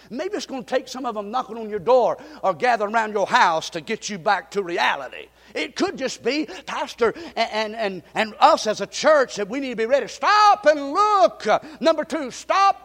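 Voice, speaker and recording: A man preaching a fervent sermon as pastor, breaking into shouts and folksy asides. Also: high-pitched. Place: church sanctuary. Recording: long hall reverb.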